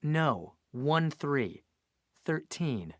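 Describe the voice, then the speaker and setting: A woman's voice: deep voice, lively intonation, slow pace, no echo, studio quality. An actress playing an ordinary woman who patiently corrects a misheard number in a short lesson dialogue. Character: ordinary adult woman giving her address. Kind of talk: scripted dialogue for a language lesson.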